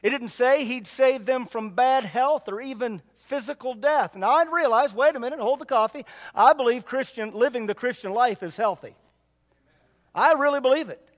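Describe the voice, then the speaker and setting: Male pastor, unusually high pitch, folksy repetitive preaching, reverberant hall. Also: moderate pace. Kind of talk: sermon. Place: church.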